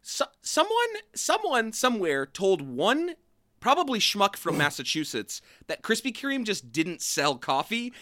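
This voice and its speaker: A man with a bright, forceful voice rants on a comedy podcast, full of swearing. His pitch swings widely, and it sits a little above the usual male range. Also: a little slow. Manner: animated, profane, ranting. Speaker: podcast co-host. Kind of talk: casual comedic chat.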